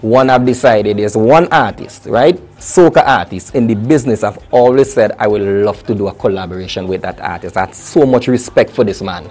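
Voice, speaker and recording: A young adult man, a soca artist chatting lively and casually in an interview. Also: on the low side, fairly quick, hardly any pauses. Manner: lively, chatty, full of restarts and local phrasing.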